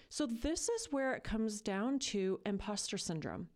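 A woman's voice: mid-range voice, expressive, measured pace, few pauses, darkish tone. A woman hosting a podcast, talking in a casual, earnest and chatty way. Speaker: podcast host. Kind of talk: casual solo podcast talk.

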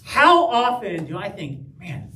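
A man's voice: high-pitched, expressive, normal speed, noisy background. A man preaching a conversational sermon, often checking in with "right?" and "okay?". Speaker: pastor. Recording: echoey room, heard from a distance.

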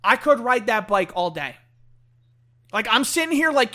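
A man in a casual chat, talking excitably and peppering everything with "like". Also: extremely high pitch, normal speed. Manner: excitable, full of "like" fillers.

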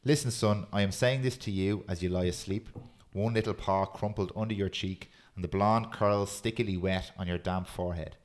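Podcast host guy, really low voice, reads out loud steady and earnest. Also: moderate pace, few pauses. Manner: steady, earnest reading with small slips. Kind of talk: casual chat and reading a poem aloud.

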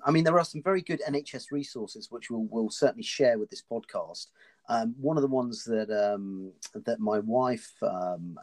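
Polite British podcast host, low voice. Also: male voice, a little mellow. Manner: polite, frequent affirming "yeah". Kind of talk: interviewing a guest.

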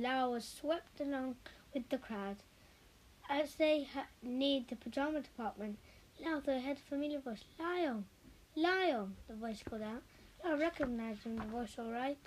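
A woman reading a children's picture book aloud, expressive, with occasional slips. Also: high voice, poor audio. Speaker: storyteller. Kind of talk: children's story read aloud.

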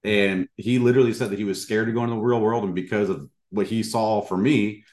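A man with a low voice talks earnestly and a bit ramblingly, leaning on plenty of fillers as he hosts a casual interview. His voice rings with roomy echo. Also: fairly even intonation, quick pace, a little mellow.

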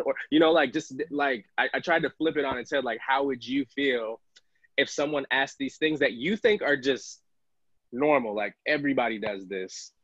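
A man hosting a casual panel discussion, talking in a loose, conversational way with lots of filler words and quick laughs. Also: mid-range voice, a bit bright, slightly rough, no room sound, highs cut off. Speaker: host.

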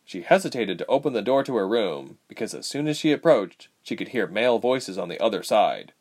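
A man narrating a fantasy story aloud, with steady, expressive storytelling. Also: lowish voice. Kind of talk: storybook reading.

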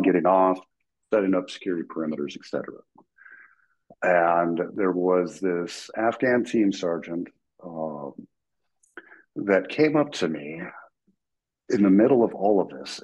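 Man, deep voice, husky, veteran guest, casual storytelling, acts out voices. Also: dull audio. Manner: animated, acts out quoted voices, laughs while telling.

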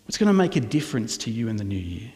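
A man preaching a sermon as pastor, lively with rhetorical questions and sometimes dropping his voice to a hush. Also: on the low side, fast talker. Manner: animated preaching with rhetorical questions, soft at times. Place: church hall. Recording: long reverb of a church hall.

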